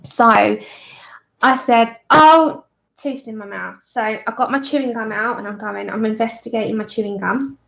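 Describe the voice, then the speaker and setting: A woman's voice: fairly high pitch, fairly even intonation, moderate pace, gravelly, a bit bright, lo-fi sound. Chatty woman telling a laughing story. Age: 30s. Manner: chatty, laughs often, acts out her own story in quoted voices. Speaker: colouring livestream host. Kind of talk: casual chat while colouring on a livestream.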